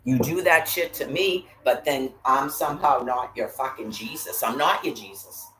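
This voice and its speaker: A woman's voice: very deep voice, normal speed, fairly bright tone, slight background noise. Woman, agitated profane ranting, angry monologue, roomy echoing room. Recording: roomy echo.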